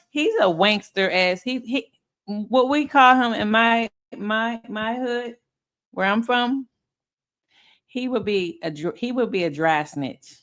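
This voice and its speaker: A woman's voice: medium pitch, a bit bright. Woman commentary host with a mid-range voice: blunt, profane, laughs through her takes. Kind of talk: casual commentary.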